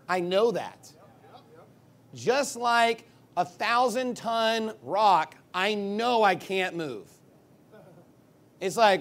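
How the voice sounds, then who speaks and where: A man's voice: high-pitched, animated, drawn-out words, long pauses, a bit bright. A male pastor preaching a sermon off the cuff. He rambles at times and turns emphatic when he reads scripture.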